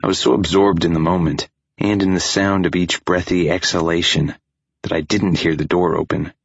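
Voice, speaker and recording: A man narrating a first-person audiobook in a steady, intimate storytelling manner. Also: low voice, normal speed, creaky, slightly rough, no echo, muffled recording.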